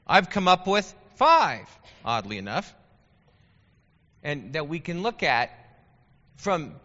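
A man teaching a Bible class in a chatty, animated way, asking his listeners questions. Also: a little high. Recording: dull lo-fi sound with long hall reverb.

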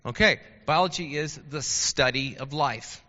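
A man teaching a Bible class in a chatty, animated way, asking his listeners questions. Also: medium pitch, unhurried. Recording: dull lo-fi sound with long hall reverb.

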